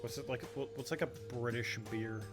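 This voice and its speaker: A man playing a tabletop roleplay, telling stories in a lively, swearing way. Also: medium pitch, fairly quick, soft background music. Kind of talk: casual chat.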